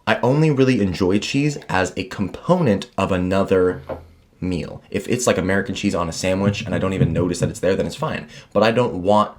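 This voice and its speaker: A young man with a fairly low voice, chatting on a podcast. He lays out his opinions deliberately, correcting himself as he goes. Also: a little mellow. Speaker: podcast co-host. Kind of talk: casual chat.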